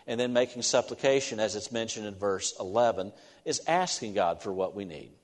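A man preaching a sermon in a church, earnest and halting, with restarts as he talks. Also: on the low side, lively intonation. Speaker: pastor. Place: church sanctuary. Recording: long hall reverb.

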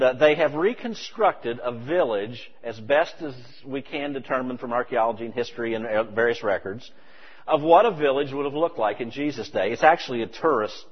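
A man preaching a sermon, animated and emphatic with conversational asides. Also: mid-range voice, husky. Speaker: pastor. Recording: dull, reverberant hall recording.

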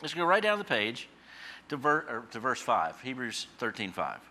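Preaching a folksy radio sermon, this middle-aged Bible teacher rambles with fillers and restarts, then bursts out loudly on key phrases. His medium-pitched voice is pushed and bright, swinging hugely in pitch at a moderate pace.

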